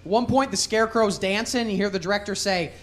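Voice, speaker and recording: A stand-up comedian telling jokes with deadpan setups and animated impressions. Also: mid-range voice, fast. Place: comedy club stage.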